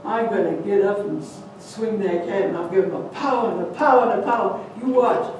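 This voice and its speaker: A woman voicing a boastful father mouse who brags loudly and squeaks in fright, in an echoey hall heard from a distant, noisy mic. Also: moderate pace, natural voice. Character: boastful father mouse, grown male, easily scared.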